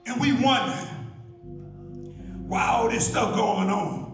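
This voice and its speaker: A man preaching a sermon in a church, shouting in a rhythmic cadence full of hallelujahs, heard from far off in an echoey room. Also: extremely high pitch, takes it slowly, music in the background. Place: church sanctuary.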